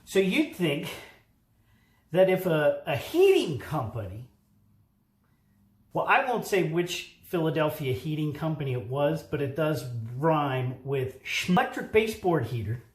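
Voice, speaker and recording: A man with a high voice hosts a joking DIY repair video. He rambles and lectures with emphasis. His voice echoes around a room in a home. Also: sing-song, unhurried. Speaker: handyman host. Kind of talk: casual DIY how-to video. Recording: roomy echo.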